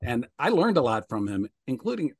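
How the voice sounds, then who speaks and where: A man's voice: medium pitch, very animated, brisk, darkish tone, slightly rough, no echo, studio quality. A man co-hosting a podcast in casual chat, easygoing and teasing. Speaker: podcast co-host.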